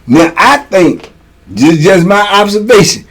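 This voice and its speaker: A man's voice: high-pitched, big pitch swings, a little slow, fairly bright tone, breathy edge, poor audio. Laid-back man telling prison stories. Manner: laid-back, laughing, slangy. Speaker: storyteller, host. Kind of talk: casual storytelling.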